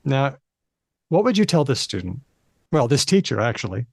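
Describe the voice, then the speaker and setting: A man hosting a podcast interview, jumping in with lively, emphatic remarks. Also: medium pitch, moderate pace, vocal fry, pauses often, dry recording, clean studio sound. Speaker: podcast host. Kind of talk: conversational interview.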